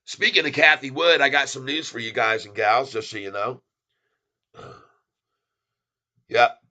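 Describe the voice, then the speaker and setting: A man hosting a casual stock market vlog, talking bluntly and with excitement. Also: medium pitch, measured pace. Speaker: stock channel host.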